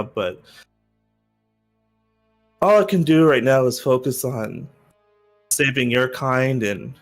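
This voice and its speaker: Slow, reflective man in character. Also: medium pitch. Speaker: player. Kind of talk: in-character roleplay.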